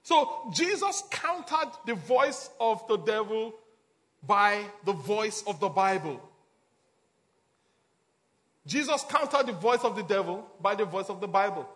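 A man's voice: high-pitched, lively intonation, unhurried, long pauses, fairly bright tone. A man preaching a sermon as a pastor, repeating his points emphatically and chuckling between them.

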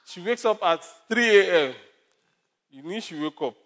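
A man's voice: sits high, expressive, moderate pace, a bit bright. A male pastor preaching a sermon with numbered points, stories and humor.

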